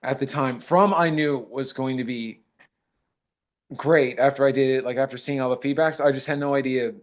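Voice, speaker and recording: A man's voice: medium pitch, fairly even intonation, normal speed. Modest male actor in casual chat. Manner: modest, retells encounters with quoted dialogue. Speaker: actor guest.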